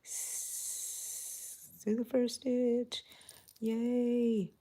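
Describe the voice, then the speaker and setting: A middle-aged woman hosting a live crochet tutorial, talking softly and mellowly, sometimes drifting into a whisper as she works. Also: fairly high pitch, completely flat delivery, drawn-out words. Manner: soft, mellow, drifting into whispers while counting stitches. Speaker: crochet channel host.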